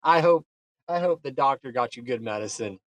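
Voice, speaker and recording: Man with a chatty, halting manner. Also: mid-range voice, lively intonation, crowd noise. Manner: hesitant, repeats words, effusive. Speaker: guest on a community call. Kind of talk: casual chat.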